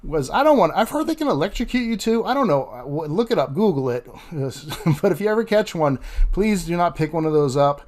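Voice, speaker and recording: A man's voice: on the high side, big pitch swings, a little fast, darkish tone. A man narrating his fishing vlog outdoors on a beach, chatty and laughing often as he talks to viewers. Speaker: fishing vlogger.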